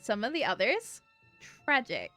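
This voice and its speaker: A woman's voice: a little high, wildly swooping pitch, unhurried, sharp tone, faint music behind. A woman from Australia with an Americanized Australian accent, chatting casually on a game stream and rambling with lots of "like" and free swearing. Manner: rambling, many "like" fillers, swears freely. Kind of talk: casual live-stream chat.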